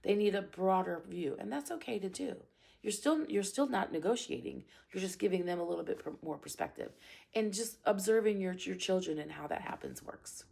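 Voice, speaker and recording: Woman martial arts teacher, parenting advice; gravelly, husky delivery, calm but firm with repeated phrases. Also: mid-range voice, brisk. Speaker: karate instructor.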